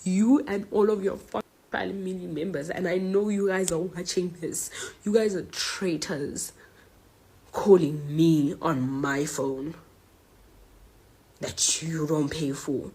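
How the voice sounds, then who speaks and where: A woman's voice: fairly low pitch, fairly even intonation, slow, dark tone, husky. A young woman student from South Africa venting angrily online and confronting her mother directly. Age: young adult. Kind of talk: emotional social media rant.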